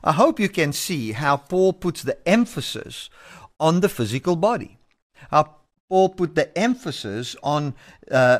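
Man preaching an emphatic sermon. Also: fairly high pitch. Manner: measured, emphatic preaching with repetitions. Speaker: pastor.

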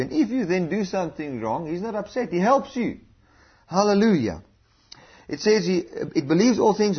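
A man's voice: on the high side, breathy edge, muffled recording. A man preaching a sermon in an earnest, repetitive way, calling out hallelujahs.

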